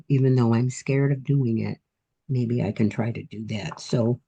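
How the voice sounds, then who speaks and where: Octogenarian woman author, husky and mellow voice, telling reflective, encouraging stories in a casual interview. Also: a bass voice, muffled recording. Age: 80s. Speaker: author guest.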